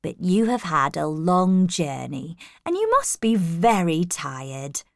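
A woman reading a story aloud and voicing a kindly grey-haired housekeeper who speaks gently and slowly. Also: lowish voice, big pitch swings, vocal fry, no echo, studio quality, exaggerated voice. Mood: gentle. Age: older. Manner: gentle, slow and warm-hearted.

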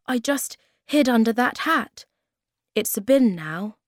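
Moomintroll, gentle young troll, read by a woman. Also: on the high side, expressive, slow, no room sound, clean studio sound, voice pushed up. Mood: earnest.

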